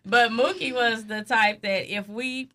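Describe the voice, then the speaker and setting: Woman, middle-aged mother, bright voice, animated storytelling, casual family chat. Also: on the high side, measured pace. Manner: storytelling, animated, laughs often.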